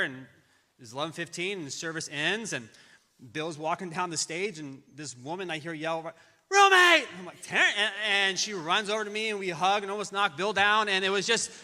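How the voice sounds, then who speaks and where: A middle-aged man telling a personal tribute to a friend in a church, halting often and restarting his sentences. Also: high voice, sharp tone. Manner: halting storytelling with many restarts. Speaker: friend giving a memorial tribute. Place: large church auditorium. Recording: reverberant church hall.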